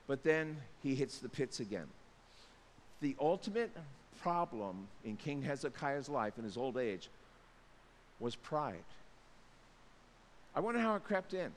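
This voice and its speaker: A man's voice: on the high side, big-room sound. A man preaching a sermon as a pastor, telling stories in a casual, joking way.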